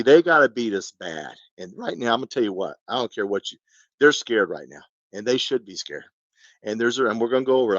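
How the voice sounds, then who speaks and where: A man's voice: on the low side, fairly bright tone, dry recording, muffled recording. A man in his fifties hosting a live fan stream, ranting and rambling with lots of rhetorical questions. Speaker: fan channel host. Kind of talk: live-stream sports rant.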